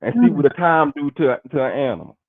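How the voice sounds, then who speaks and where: A man's voice: fairly high pitch, animated, fast, no echo. A man in a casual streamed talk, pressing the others and repeating the same question. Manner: insistent, keeps repeating his question. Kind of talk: casual banter. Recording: dull lo-fi stream audio.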